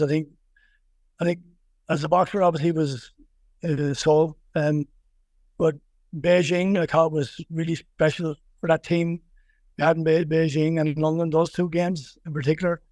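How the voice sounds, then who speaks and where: Wexford Irish man, higher voice, dry sound. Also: level tone, moderate pace, darkish tone, no room sound. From Ireland. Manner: rambling, many restarts and repeated words, laughs easily. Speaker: boxing coach, guest. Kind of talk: casual podcast interview.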